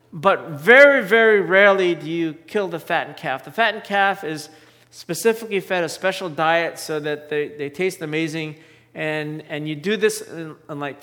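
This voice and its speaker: A man's voice: high voice, fairly bright tone, in a large hall. A male pastor giving a sermon in a conversational way, often asking his listeners questions. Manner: conversational preaching, asks the audience questions.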